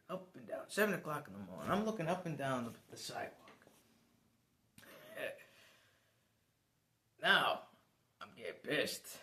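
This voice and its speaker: A man telling a personal story to the camera in a casual vlog, animated and swearing now and then. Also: mid-range voice, echoey room. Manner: animated, swears, laughs as he tells it. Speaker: vlogger.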